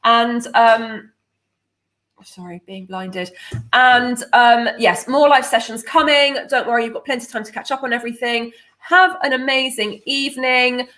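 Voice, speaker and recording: A woman's voice: fairly high pitch, moderate pace, pushed and bright. A woman hosting a casual live stream, bubbly and chatty with lots of fillers. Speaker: host of a nutrition membership livestream.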